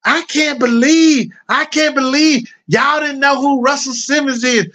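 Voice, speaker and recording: A man putting on the voice of flamboyant gossiping young men, drawling high and sing-song. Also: steady tone, unhurried, pushed and bright, full character voice. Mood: mocking awe.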